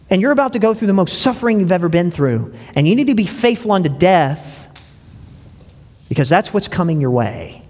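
A man preaching in a church, with a slightly high voice that rings out with a long reverb. He talks through his sermon loosely, tossing in asides to the congregation and stumbling over repeated words as he restarts his thoughts. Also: big pitch swings, brisk, darkish tone. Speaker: pastor.

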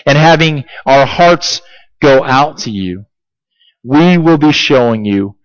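A man preaching a sermon as pastor, emphatic and deliberate, asking his congregation repeated rhetorical questions. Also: mid-range voice, no echo, lo-fi sound.

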